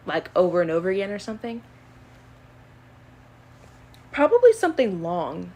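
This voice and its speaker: A young woman with a medium-pitched voice talks fast while casually answering would-you-rather questions on her own channel. She's chatty and animated, using plenty of fillers.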